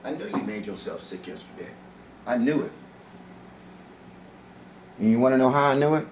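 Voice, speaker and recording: A man's voice: mid-range voice, animated, moderate pace, far from the mic. A man live streaming from home, arguing at length in a confrontational, lecturing, profane way. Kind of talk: heated domestic argument. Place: at home, indoors. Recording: echoey room, off-mic, faint noise.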